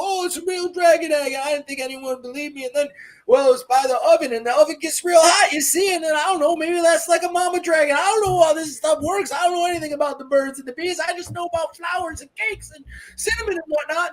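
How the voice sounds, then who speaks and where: A man voicing a rambling, anxious middle-aged baker and ex-crook who dotes on his pet dragon, in a rustic drawl for a tabletop game. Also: very high voice. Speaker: game master. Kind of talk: tabletop role-play character voice.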